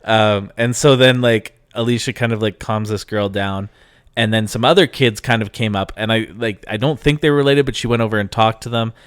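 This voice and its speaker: A Canadian man co-hosting a podcast tells a story in casual chat, animated and mimicking the voices of people he quotes. His voice is lowish, brisk, and smooth, recorded in clean studio sound with no echo.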